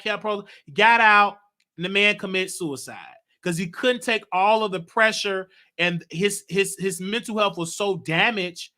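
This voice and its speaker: A man hosting a talk show, giving animated, emotional commentary on celebrity news with drawn-out phrasing and laughter. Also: sits high.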